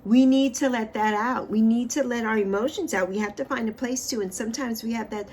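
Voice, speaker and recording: A woman in her sixties hosting a spiritual livestream, giving an uplifting tarot card reading and chat, repeating phrases and stretching words for emphasis. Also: a little hiss or hum. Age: 60s. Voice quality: expressive, swings pitch and loudness for emphasis. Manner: repeats phrases, drawn-out affirmations.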